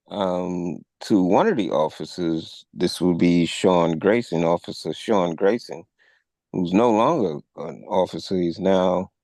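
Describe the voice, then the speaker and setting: A man co-hosting a talk show, recounting a news event in a measured, storytelling way. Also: deep voice, darkish tone, dry recording. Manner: measured storytelling, acts out quoted officers with raised voice. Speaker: podcast co-host. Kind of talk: conversational retelling of a news story.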